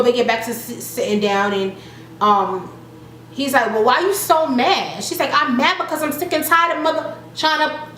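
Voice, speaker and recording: A young woman chats through a reality show recap, jumping into each quote with a lively, fairly high voice. She laughs easily as she goes. The sound is echoey, with a faint hiss behind her. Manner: chatty, animated, acts out quotes with laughter. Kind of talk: casual recap vlog. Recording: echoey room with faint noise.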